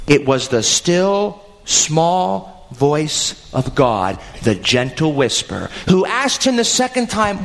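A man's voice: high-pitched, fairly bright tone, low-quality recording. A man preaching a sermon and retelling a scripture story to his congregation, rising and dropping his voice for emphasis.

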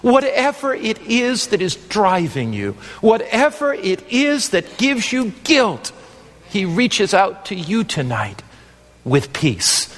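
High-voiced preacher man in a reverberant hall. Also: fairly bright tone. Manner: earnest, emphatic, repeats phrases. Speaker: pastor. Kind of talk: evangelistic sermon.

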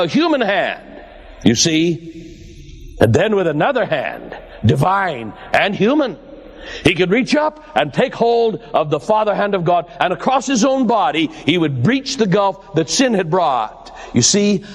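An older male pastor preaching a sermon, slowing his delivery for emphasis and lifting his voice at exclamations. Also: high-pitched, in a large hall.

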